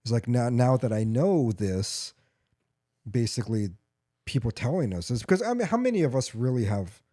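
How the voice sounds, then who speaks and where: A man co-hosting a podcast in casual chat, stammering and quick to agree. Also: mid-range voice, big pitch swings, dark tone. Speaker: podcast co-host.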